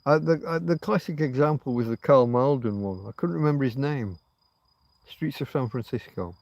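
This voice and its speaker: A man's voice: mid-range voice, normal speed, dry recording, lo-fi sound. Rambling sweary man on a late-night stream. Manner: musing, sweary, self-talking. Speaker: livestream host. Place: outdoors at night near a road.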